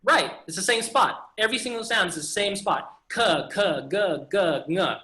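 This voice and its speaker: A man's voice: high voice, lively intonation, moderate pace, pushed and bright, reverberant. A man teaching pronunciation over a video call, patiently demonstrating sounds again and again. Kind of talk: online pronunciation class.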